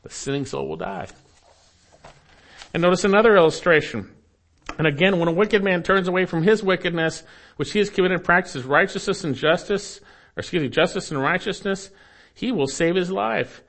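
A man preaches an expository sermon in an earnest, exhorting way, swinging between emphatic and hushed lines and addressing the listener directly as "my friend." His voice sits on the high side, with lively intonation at a moderate pace.

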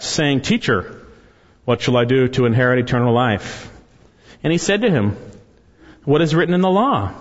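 A man preaching a sermon as a pastor, reading scripture aloud with rising emphasis. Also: medium pitch. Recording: dull sound with long hall reverb.

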